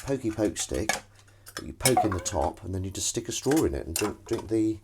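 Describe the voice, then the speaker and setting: A man's voice: lowish voice, lively intonation, brisk, heavy background noise. A man chatting casually on a live stream while washing up, rambling and teasing the people watching. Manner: rambling, chatty, teasing, talks to chat while doing chores. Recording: running water and dish clatter behind.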